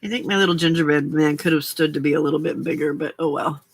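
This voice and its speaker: A woman's voice: sits low, fairly even intonation, quick pace, husky. An older woman hosting a casual late-night crafting livestream, chatting and laughing often as she answers viewers' comments. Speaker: livestream host.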